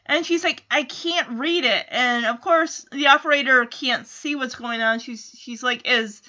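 A woman casually recapping a TV episode, chatty and animated, acting out bits of dialogue as she retells it. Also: high voice, measured pace, highs cut off. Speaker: show recapper.

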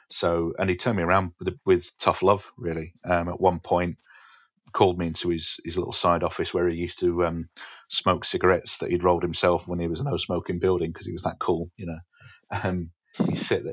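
English guy on a podcast, deep and kinda monotone, husky, swears a bit, dull dry sound. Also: no echo. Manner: reflective, frank, swears casually, many fillers. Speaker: podcast guest, stand-up comedian. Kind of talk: candid interview storytelling.

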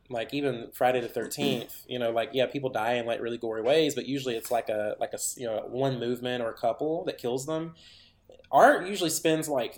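A man's voice: mid-range voice, a little mellow, roomy sound. A man co-hosting a podcast, retelling a movie in a casual, rambling way with lots of fillers and acted-out lines. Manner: rambling, filler-heavy, acts out characters' lines. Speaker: podcast co-host.

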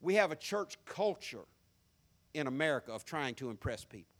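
A pastor with a Southern country accent preaching a folksy, mocking sermon, swinging from hushed asides to loud hooping. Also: male voice, on the high side, big pitch swings, normal speed.

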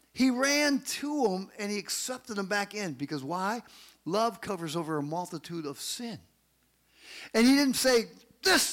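A male pastor preaching a sermon, telling family stories in an animated way and acting out the people in them. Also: high-pitched. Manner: animated storytelling, acts out quotes.

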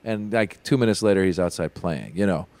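Brief: male podcast co-host, smooth clear voice, dry close sound, animated storyteller acting out dialogue. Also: low-pitched, fairly quick, no echo. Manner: animated storytelling, acts out dialogue, many "like" fillers. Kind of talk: casual comedic chat.

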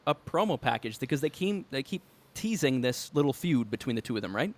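A man of ordinary pitch chats on a podcast with eager energy, often breaking into laughs. He talks in quick bursts when excited. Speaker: podcast co-host. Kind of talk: casual podcast chat about wrestling.

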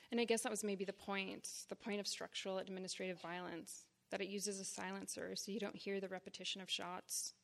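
Woman, 30s, writer reading her memoir live; measured phrasing, gravelly edge. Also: mid-range voice, a bit bright. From Boston area, United States. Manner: deliberate, measured reading in short phrases with blunt frankness. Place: reading series event before an audience.

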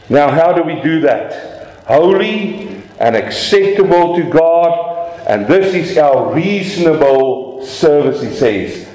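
A man's voice: on the high side, a little mellow, roomy sound, poor audio. A man preaching a sermon in a church, emphatic, asking rhetorical questions and acting out voices. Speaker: pastor.

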